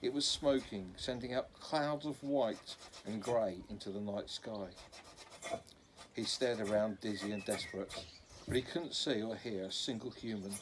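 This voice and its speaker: Guy reading a kids' adventure book out loud, lowish voice, stumbles and fixes words, hissy recording with birdsong behind. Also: a little slow. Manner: unpolished, with slips and corrections. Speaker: reader. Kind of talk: reading a children's novel aloud.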